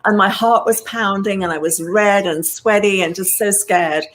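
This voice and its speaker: British woman, sixties, middle pitch, lively storyteller, talks straight to the audience. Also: moderate pace, low-quality recording. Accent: British English. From England. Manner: animated storyteller who talks to the audience directly. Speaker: guest hairdresser and educator. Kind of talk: storytelling interview.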